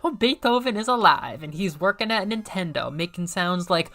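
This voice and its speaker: A woman's voice: on the low side, animated, moderate pace, fairly bright tone. A woman doing a mocking impression of an overexcited male video game critic, over the top and shrieking. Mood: frantic.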